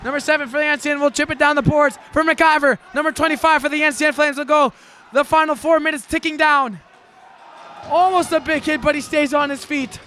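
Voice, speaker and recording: A man calling a live hockey game play-by-play, excitable and folksy, shouting during rushes and a bit out of breath. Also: very high voice. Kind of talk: live sports commentary.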